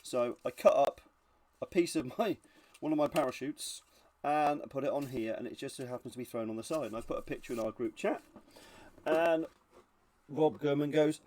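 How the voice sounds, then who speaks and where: A man's voice: mid-range voice, moderate pace, darkish tone. A man hosting his channel, giving casual reaction commentary in a blunt, sarcastic and sweary way. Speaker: channel host reviewing reenactor videos.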